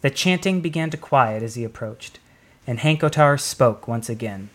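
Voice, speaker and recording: A man narrating a story in a plain, even storytelling delivery. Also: fairly high pitch, moderate pace.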